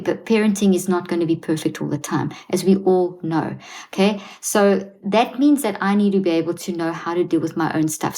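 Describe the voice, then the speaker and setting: A woman's voice: fairly low pitch, a little mellow. A woman with a South African accent explaining parenting advice earnestly, often restarting her sentences and acting out what a parent might say. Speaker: guest psychologist.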